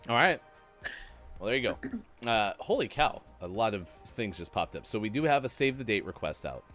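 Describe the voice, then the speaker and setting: Lively low-voiced male co-host. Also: moderate pace, soft background music. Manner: relaxed, joking, reads from a list. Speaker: morning show co-host. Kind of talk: casual chat, reading news items.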